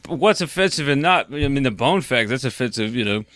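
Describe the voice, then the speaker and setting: A man's voice: mid-range voice, expressive, a little fast, a bit bright, no room sound. A man co-hosting a podcast, making jokey asides and laughing often in casual chat. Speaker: podcast co-host.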